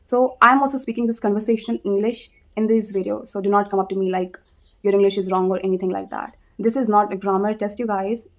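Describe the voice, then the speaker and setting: A woman's voice: medium pitch, fairly even intonation. Indian woman, chatty and repetitive. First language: Hindi. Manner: repetitive, conversational, frequent tag "okay?", pauses to think. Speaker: vlogger. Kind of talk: casual advice vlog.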